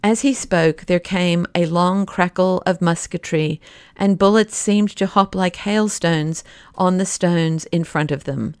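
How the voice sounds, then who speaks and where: Smooth, low-voiced woman narrating a classic novel. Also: a little mellow, no echo. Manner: measured, slows down for dramatic passages. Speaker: audiobook narrator.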